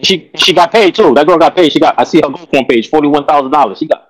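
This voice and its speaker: A man's voice: a little high, fast talker, rough recording. A man, talking in a rambling, streetwise way on a casual panel discussion. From New York.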